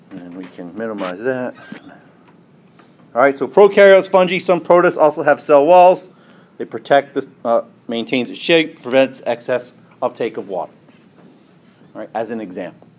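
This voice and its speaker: A man lectures on biology to a class. He draws on the board as he goes, poses questions and then answers them himself. He keeps checking in with a steady "right?" and "okay?". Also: medium pitch. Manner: drawing on a board while explaining.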